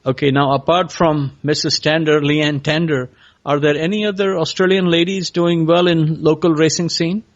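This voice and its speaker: Halting male podcast host, lo-fi. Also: fairly high pitch, fairly even intonation. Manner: halting, asks questions with many pauses. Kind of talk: interviewing a guest. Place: California.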